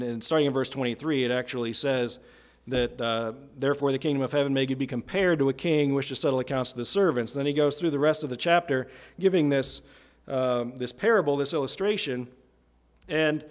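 A man preaching a sermon in a conversational way, often asking his listeners "right?" as he explains a passage. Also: medium pitch. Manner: conversational, asks listeners questions, tag "right?".

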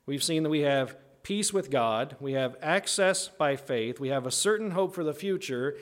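A man's voice: lively intonation, moderate pace. A man preaching a conversational sermon in a teaching tone, often checking in with "right?" and acting out quoted voices. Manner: acts out quoted voices with big pitch jumps.

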